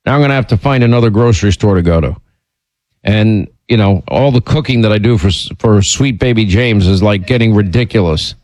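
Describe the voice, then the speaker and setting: A middle-aged man hosting a radio show, telling stories in a rambling, animated way and jumping up in pitch when he gets indignant. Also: brisk, no room sound. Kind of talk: casual on-air storytelling.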